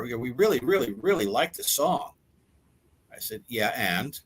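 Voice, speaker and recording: Expressive and a bit bright, with a breathy edge, this older man's medium-pitched voice runs at normal speed. He's a rock musician recounting stories as an interview guest, voicing the dialogue and often restarting or repeating words in the relaxed chat.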